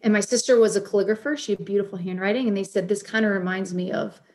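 A woman's voice: mid-range voice, steady tone, fast, a little mellow. A woman in her forties, a guest on a podcast, telling her story in an earnest, heartfelt, conversational way. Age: 40s. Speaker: guest, caregiver advocate and author.

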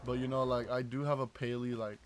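A man's voice: mid-range voice, little pitch movement, fast. A man chatting over a call with his girlfriend while gaming, swearing and teasing in mock-angry outbursts. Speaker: gaming streamer.

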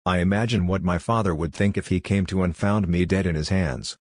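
Male horror narrator, very low husky voice, dry close sound, somber delivery. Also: brisk, no room sound.

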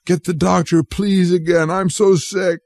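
A man's voice: sits high, little pitch movement, measured pace, vocal fry, darkish tone, dry recording, clean studio sound, voice pushed up. A man reading a story aloud, voicing a frightened feverish young boy in a pleading, whimpering way.

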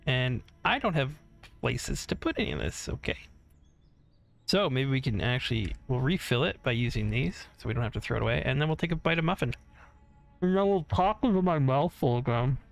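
A man talks through his gameplay in a loose, rambling way, cursing freely and humming little tunes between thoughts. His voice has a gravelly, fry-laced edge, and faint game music sits quietly beneath it. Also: mid-range voice, expressive, fairly quick. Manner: rambling, swears freely, hums to himself. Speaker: gaming channel host. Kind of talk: casual let's-play commentary. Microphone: desk mic separate from headset.

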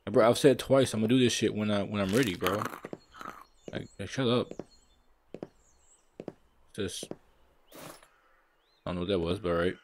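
A man's voice: lowish voice, a little fast, long pauses, a little hiss or hum. A man giving loose, profane let's-play commentary, mocking the game and calling everyone "bro". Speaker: gaming video creator.

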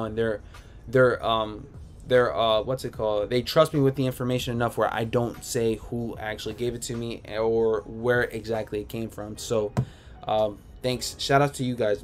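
A man hosting a casual livestream, reading viewer comments aloud and answering them in a laid-back, rambling way from home. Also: on the low side. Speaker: sneaker livestream host. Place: home room.

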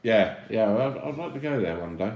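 A man's voice: on the low side, animated, moderate pace, a little mellow. A man from Luton with a London-area accent, co-hosting a casual live chat with easygoing, dry banter. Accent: Luton/London English. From Luton, England. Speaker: co-host of a livestream. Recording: echoey room.

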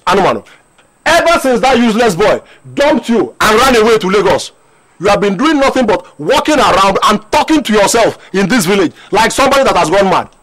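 An actor with a Nigerian accent playing a bossy older brother who coaxes with repeated "eh?" and then threatens, in a film drama. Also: male voice, a little high, animated, a little slow, pauses often, slight background noise, rough recording. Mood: threatening. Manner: coaxing with tag questions "eh?", turning to shouted threats. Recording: film music behind.

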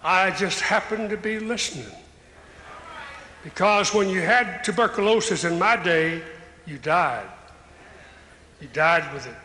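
Impassioned older preacher in a ringing hall. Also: male voice, high voice, unhurried, long pauses, pushed and bright, slight background noise. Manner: impassioned, building to raised calls. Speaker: evangelist preacher. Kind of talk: sermon. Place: large church, live service. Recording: echoey hall with long reverb.

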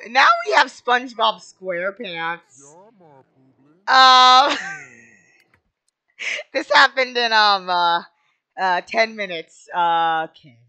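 A woman's voice: mid-range voice, pushed and bright, clear, resonant tone. A woman hosting casual game commentary, playful and melodramatic, breaking into wailing shrieks between chatty asides. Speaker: gaming channel host.

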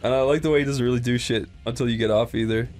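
A man's voice: medium pitch, racing, faint music behind. A man co-hosting a let's play, telling crude stories in casual gaming chat and laughing often. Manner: crude, laughing, animated storyteller.

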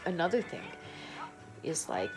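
A woman's voice: low voice, sing-song, unhurried, over loud music. A woman with a New York accent, talking earnestly and rambling, full of fillers, in a casual spiritual vlog. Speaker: vlogger.

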